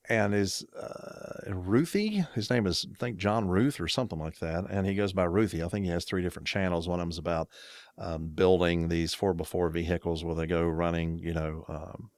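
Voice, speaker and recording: A man's voice: low voice, dry recording, clean studio sound. A man co-hosting a casual chat podcast, telling a rambling story and laughing often. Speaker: podcast co-host.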